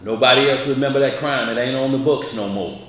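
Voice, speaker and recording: A man's voice: mid-range voice, fast talker, fairly bright tone, slight background noise. A man teaching a bible study in a colloquial preaching style, asking his listeners questions as he explains the text. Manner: colloquial, asks the group questions. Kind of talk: conversational preaching. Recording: echoey room, distant mic, faint ambience.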